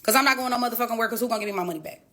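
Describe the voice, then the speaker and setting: A woman's voice: on the high side, very fast. A woman casually telling her side of a story to camera, swearing freely and acting out what people said. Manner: animated, profane, acts out quotes.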